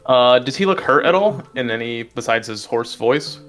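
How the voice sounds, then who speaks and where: A man's voice: medium pitch, animated, normal speed, a bit bright, soft background music. A man playing a tabletop game, talking casually and hesitantly, with small fillers. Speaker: player.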